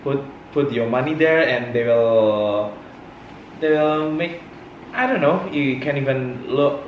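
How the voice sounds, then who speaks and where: A man from Indonesia, hosting a casual interview with halting, hesitant short replies. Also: medium pitch, lo-fi sound. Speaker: host. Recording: echoey room, faint background hum.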